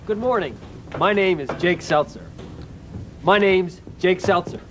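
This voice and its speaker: A man with a high voice runs through greeting after greeting at a slow, deliberate pace, each one a scripted self-introduction. Music plays in the background of the recording. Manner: repetitive, varied greetings. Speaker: presenter practicing introductions.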